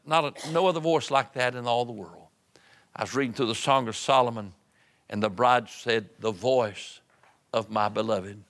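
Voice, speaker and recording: A middle-aged preacher delivering a sermon with a bright, ringing tone. He drives through rhythmic lists of phrases, then drops to soft, hushed passages. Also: mid-range voice.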